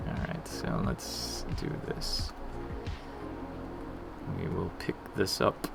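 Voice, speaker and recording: A man with a gravelly, creaky voice chats casually while he works on a live stream. He is self-deprecating and drops into quiet mutters, with faint music under his talk. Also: deep voice, lively intonation, slow. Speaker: game developer streaming his work.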